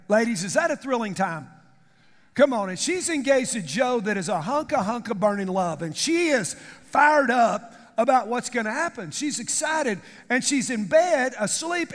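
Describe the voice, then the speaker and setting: A male pastor, preaching a lively sermon and calling out to the congregation. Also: high voice. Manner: animated preaching, calls to the congregation. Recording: long hall reverb.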